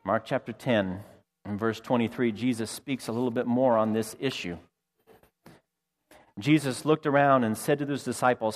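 A middle-aged man preaching a sermon, telling a family story with lively quoted voices. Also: medium pitch, normal speed. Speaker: pastor.

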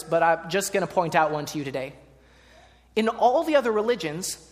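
A preacher giving a sermon, reading scripture and talking to the congregation in a conversational way with playful asides. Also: mid-range voice. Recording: long hall reverb.

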